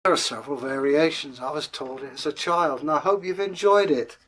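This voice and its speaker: A man's voice: on the high side, fairly quick, a bit bright. A man telling a fairy tale in a chatty, jokey way as a channel host. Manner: chatty, jokey, conversational asides.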